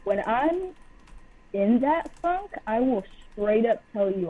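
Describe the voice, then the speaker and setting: A woman's voice: a little high, sing-song, takes it slowly. A young woman speaking bluntly and openly as a guest on a personal interview podcast. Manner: blunt and open. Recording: tinny phone-line audio.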